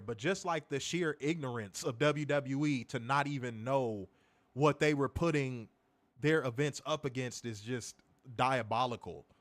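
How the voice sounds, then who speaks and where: A man co-hosting a wrestling review show, reading comments and ranting casually with plenty of profanity. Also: mid-range voice. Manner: animated, profane, laughing rants.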